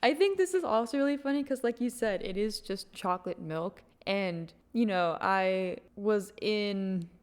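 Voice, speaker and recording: A playful woman co-hosting a podcast, chatting casually and giggling often. She speaks at a middling pitch. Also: animated, unhurried, few pauses, smooth. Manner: playful, giggly, reads aloud with mock formality. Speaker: podcast co-host. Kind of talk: casual chat.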